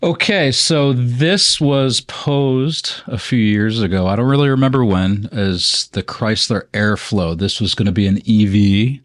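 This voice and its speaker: A man's voice: lowish voice, no room sound, clean studio sound. A man co-hosting a car podcast, musing wryly and often restarting his sentences. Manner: wry, musing, talks in halting restarts. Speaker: podcast co-host. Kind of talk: casual car podcast chat.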